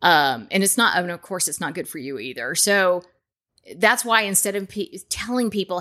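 A woman's voice: lowish voice, moderate pace, bright, forceful tone. Earnest woman hosting a chat podcast. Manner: earnest and reassuring, many fillers and restarts. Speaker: podcast host. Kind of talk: casual podcast talk.

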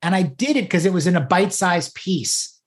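A man's voice: sits high, lively intonation, normal speed. A man co-hosting a podcast, talking through goals in a casual conversation, enthusiastic and fond of repeating key phrases. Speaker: podcast co-host.

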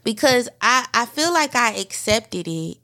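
This woman's voice is fairly high, sing-song, a touch slow, and sharp in tone. She's a mother and podcast host, addressing listeners directly in an earnest, open personal monologue.

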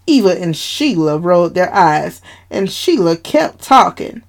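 A woman reads a dramatic family story aloud. She takes her time, with a lively, rising and falling pitch, in an expressive storytelling voice. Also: a little slow.

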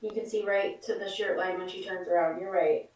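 A woman co-hosting a casual podcast, chiming in and agreeing in quick back-and-forth. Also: mid-range voice, steady tone, darkish tone. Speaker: podcast co-host. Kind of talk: casual chat.

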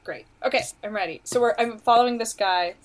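A woman playing a tabletop game, chatting in a playful, giggly way with quick banter. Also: fairly high pitch. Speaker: player.

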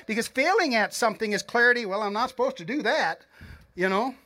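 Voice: mid-range voice, expressive, fairly quick, sharp tone. A pastor preaching an earnest, encouraging sermon in a mid-range voice. The delivery is conversational and direct, aimed straight at the listeners, with frequent repeated words as thoughts restart. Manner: encouraging, addresses the congregation directly.

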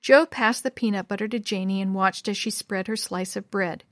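A woman narrating a storybook in a measured, expressive way. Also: medium pitch, no echo, clean studio sound. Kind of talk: storybook reading.

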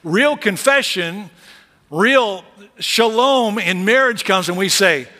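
A pastor delivers his sermon in a bright, forceful, fairly high male voice, talking to the congregation in a lively, chatty way with joking asides. His voice rings through a large church sanctuary with a long hall reverb. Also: slow pace. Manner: lively, conversational preaching with humorous asides.

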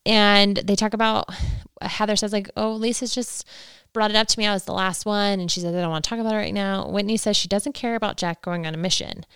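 Chatty woman podcaster with a gravelly edge. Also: mid-range voice, steady tone, brisk, a bit bright, dry recording, clean studio sound. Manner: chatty, opinionated, rambling with many fillers. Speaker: podcast host. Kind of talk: solo recap podcast, casual chat.

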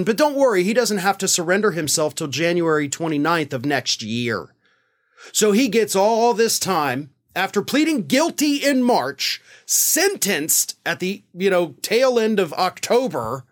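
A male commentator with a fairly high voice that swings widely in pitch as he vents. His delivery is sarcastic and indignant, full of mocking asides and pointed rhetorical questions. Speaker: political commentary host. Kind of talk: opinionated political commentary.

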